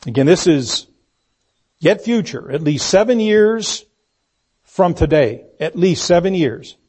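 A man's voice: fairly high pitch, animated, takes it slowly, darkish tone, husky. A man preaching an expository sermon in a church, emphatic, repeating key phrases and asking the congregation questions.

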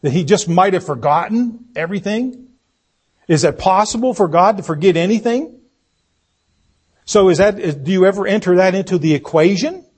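A man with a husky, somewhat high voice teaches a Bible class. He reads verses aloud and stops often to ask his listeners what they think the words mean. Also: moderate pace. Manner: questioning, asks the group for answers. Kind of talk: interactive Bible study teaching.

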